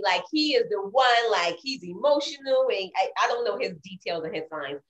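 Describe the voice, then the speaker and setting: A woman's voice: mid-range voice, lively intonation, a little fast, hardly any pauses, a bit bright, echoey room. A woman asking questions in casual chat, earnest and a little repetitive. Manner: earnest, curious, repeats herself.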